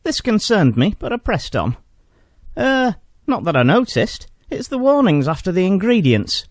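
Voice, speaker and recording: A man's voice: high-pitched, very animated, normal speed, no echo, clean studio sound, voice pushed up. A man voicing a prim, indignant mother who complains to a shop clerk and slips into swearing. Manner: indignant, genteel then sweary.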